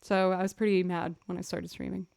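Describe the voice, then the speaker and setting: A young adult woman, a livestreaming musician, chatting casually with viewers and telling animated stories with laughs. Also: on the low side, brisk, creaky, clear, resonant tone. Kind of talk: casual chat with stream viewers.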